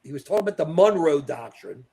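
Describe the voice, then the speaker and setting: High-ish voiced guy ranting on a live politics stream, really animated. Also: quick pace, creaky. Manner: animated, talks to viewers by name. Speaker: co-host. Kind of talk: live political chat show. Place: at home in New York.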